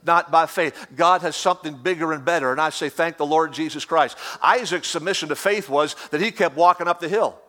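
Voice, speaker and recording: A man's voice: on the high side, brisk, few pauses, pushed and bright. A middle-aged man preaching a sermon with fervent, emphatic repetition.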